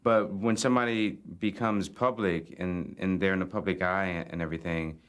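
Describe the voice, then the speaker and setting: A comedy cast member speaking in relaxed, reflective interview talk. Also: male voice, sits low, moderate pace, clear, resonant tone.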